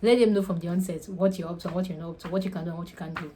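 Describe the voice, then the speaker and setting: Fast-talking Nigerian woman giving earnest advice. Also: on the low side, fairly even intonation, mellow, a little hiss or hum, rough recording. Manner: earnest, repeats her points for emphasis. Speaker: faith and lifestyle vlogger. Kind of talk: casual advice talk.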